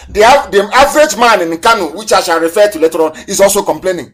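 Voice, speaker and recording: A fiery man addresses listeners in a live political broadcast, his voice sitting fairly high for a man. He talks with scorn and rhetorical force, hammering at his audience with repeated questions and blunt accusations. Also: quick pace, hardly any pauses. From southeastern Nigeria. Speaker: broadcaster and activist leader.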